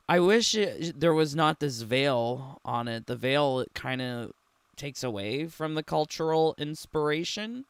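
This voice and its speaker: A man's voice: fairly high pitch, creaky, smooth, no echo. A young man giving casual, sarcastic reaction commentary on a game trailer, laughing often and filling his talk with "like". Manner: sarcastic, giggly, filler-heavy.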